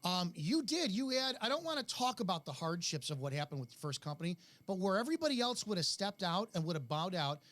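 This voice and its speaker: A man's voice: high voice, sing-song, fast talker, hardly any pauses, a bit bright. A middle-aged man hosting an interview, talking bluntly in long rambling turns. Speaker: host. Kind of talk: interview, casual chat.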